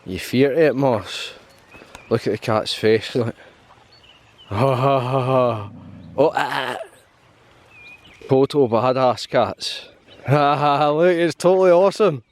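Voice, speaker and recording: Pausing often at a measured pace, a young Scottish man with a medium-pitched voice chats and tells stories on a hill trail. He's a hiking vlogger who laughs frequently, and slight background noise can be heard.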